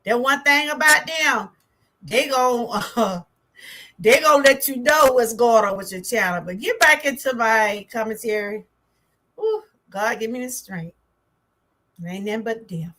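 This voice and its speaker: A woman's voice: fairly high pitch, unhurried, bright, forceful tone. A woman from Georgia with a Southern accent, chatting with viewers on a livestream as a wellness vlogger, exclaiming and talking back to her chat.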